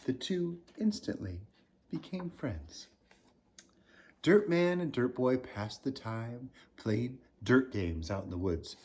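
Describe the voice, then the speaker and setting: A children's author, a man with a husky voice, slowly reads a picture book aloud. His storytelling is animated, swinging in pitch and loudness and dropping to a whisper.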